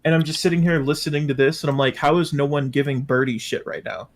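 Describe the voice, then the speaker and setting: A man's voice: a little high, steady tone, fast talker. A man in casual livestream chat, making sarcastic, joking asides.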